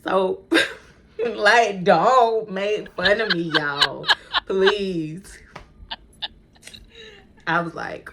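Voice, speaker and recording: A woman vlogger telling a story to her viewers, animated and chatty, swearing freely and laughing often. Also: mid-range voice, drawn-out words, pauses often, a little hiss or hum. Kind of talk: storytime vlog.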